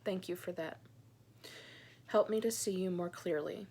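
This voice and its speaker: Woman, 30s, Christian blogger; slightly low voice, soft and halting, reads her journal earnestly. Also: slightly rough. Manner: soft, hesitant, many ums; earnest and heartfelt. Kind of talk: personal vlog, reading her own journal aloud.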